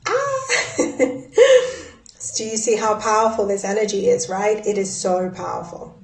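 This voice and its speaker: A woman leading a guided breathwork and ritual session in a soothing, gently instructive way. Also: mid-range voice, steady tone, a little fast, vocal fry. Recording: echoey room.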